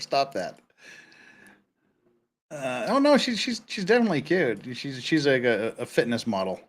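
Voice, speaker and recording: A man with a medium-pitched voice hosts a casual livestream, chatting and telling stories at a measured pace with frequent pauses. He's an animated storyteller who laughs a lot.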